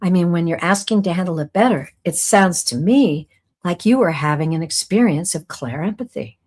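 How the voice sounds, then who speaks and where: A middle-aged woman hosting a live-streamed class as a psychic medium, talking earnestly and rambling a little, reading out viewer comments with soft laughs. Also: moderate pace. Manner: warm, earnest, rambling, with soft laughs and lively pitch swings.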